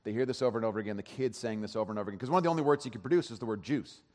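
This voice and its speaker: A man's voice: fairly low pitch, rapid-fire, darkish tone. A man giving a sermon as pastor, telling a story in a conversational way with frequent restarts. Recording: long hall reverb.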